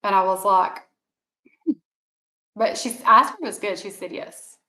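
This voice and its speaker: Bright-voiced Southern woman chatting. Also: medium pitch, moderate pace. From American South. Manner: chatty, rambling storyteller. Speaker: vlogger, mother. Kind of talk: casual chat. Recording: echoey room.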